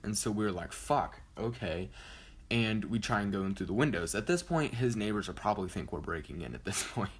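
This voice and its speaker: A man's voice: fairly low pitch, sing-song, fast talker, hardly any pauses. A young man telling a story casually on his vlog, rambling and correcting himself, with lots of "like" and "you know". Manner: rambling, self-correcting, heavy use of "like". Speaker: vlogger.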